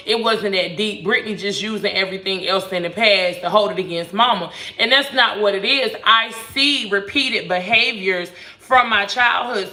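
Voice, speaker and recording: A woman's voice: mid-range voice, sharp tone. A woman in her thirties chatting candidly with viewers in casual slang while she cooks in her home kitchen. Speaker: vlogger. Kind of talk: casual storytime chat while cooking. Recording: echoey kitchen.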